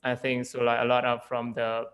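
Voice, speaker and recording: A man's voice: mid-range voice, monotone, moderate pace, fairly bright tone, low-quality recording. A young man from Laos with a Lao accent, an English teacher talking casually and hesitantly, with many fillers and restarts. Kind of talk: casual interview chat.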